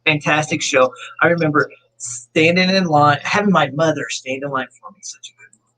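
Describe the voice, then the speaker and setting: A man from Florida chatting as a guest on a casual podcast, animated and laughing easily as he tells stories. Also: a little high, moderate pace, poor audio. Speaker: co-host guest. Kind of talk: casual live-stream chat.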